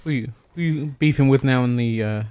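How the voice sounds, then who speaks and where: A man's voice: mid-range voice, a little fast, darkish tone, a little hiss or hum. A man in casual chat, laid-back, giving short reactions and asking questions. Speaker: podcast co-host.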